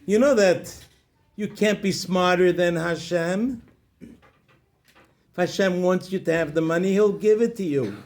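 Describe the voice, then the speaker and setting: A man, a rabbi, telling a story with moral lessons in an expressive way, speaking directly to listeners. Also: sits high, takes it slowly, long pauses.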